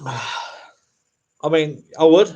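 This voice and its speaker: A man with a slightly high voice, chatting easily on a live show. He reads viewers' comments aloud and jokes at his own expense, keeping a self-deprecating tone. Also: very slow, mellow, muffled recording. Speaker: co-host. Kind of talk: casual chat with live viewers.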